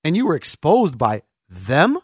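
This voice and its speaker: A man hosting sports talk radio, swinging his pitch widely as he vents like an exasperated fan. His voice sits a little high and sounds dry and close to the mic. He mocks himself between rants. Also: a little slow, breathy edge, no echo. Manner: animated, exasperated fan venting with self-mocking asides.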